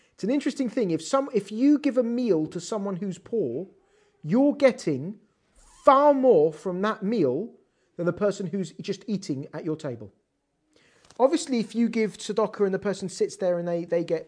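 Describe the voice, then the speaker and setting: An animated Torah teacher works through a text, firing off rhetorical questions. The pitch swings widely up and down. Hebrew terms are read out along the way. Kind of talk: text study lesson.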